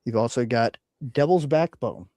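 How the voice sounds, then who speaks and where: A man's voice: mid-range voice, expressive, normal speed, mellow, dry recording. A man hosting a casual whiskey podcast, rambling with frequent ums and uhs. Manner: rambling, hesitant with many fillers. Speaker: podcast host. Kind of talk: casual chat.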